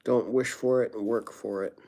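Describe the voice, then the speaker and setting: A man's voice: medium pitch, steady tone, unhurried, mellow, slight background noise. A young man talking casually on his live stream, reading viewer comments aloud and answering them with wry, rambling, self-deprecating asides. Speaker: livestreamer.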